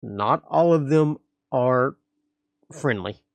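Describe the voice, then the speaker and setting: A man's voice: medium pitch, expressive, slow, no room sound. A man voicing a jovial male settlement boss who turns wary of trouble. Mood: warning. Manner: friendly then gruff.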